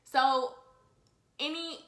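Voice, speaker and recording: A young woman in her twenties with a fairly high, bright and forceful voice. She tells a casual storytime to her viewers, animated and direct, often calling them "y'all". The room around her sounds echoey. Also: drawn-out words. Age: 20s. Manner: animated, talks straight to viewers, frequent "y'all". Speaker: vlogger telling a story.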